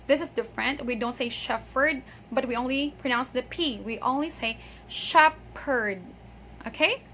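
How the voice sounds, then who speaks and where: Bright high-voiced woman teaching pronunciation. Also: slight background noise. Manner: patient, drawn-out model words and frequent "okay". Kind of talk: online pronunciation lesson.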